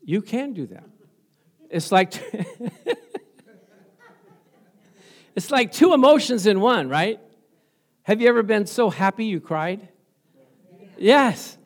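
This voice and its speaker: High-voiced man preaching conversationally. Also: animated, slow, long pauses. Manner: conversational preaching with rhetorical questions; storytelling, acting out remembered exchanges. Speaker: pastor. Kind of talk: sermon.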